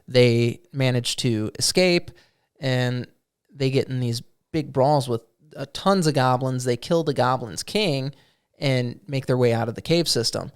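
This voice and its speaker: A man casually recounting his tabletop game session as game master, slipping in quick voiced quotes of goblins and players. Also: mid-range voice, clean tone. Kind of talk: casual chat.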